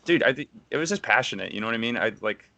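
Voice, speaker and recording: A man's voice: medium pitch, animated, rapid-fire, vocal fry, sharp tone. A man co-hosting a casual podcast chat, laid-back and slangy. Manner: laid-back, says dude and man a lot. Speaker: podcast co-host, former volleyball player.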